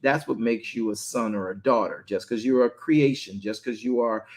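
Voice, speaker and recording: Male preacher, conversational sermon, mid-pitched voice, repeats words, asks "right?". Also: moderate pace.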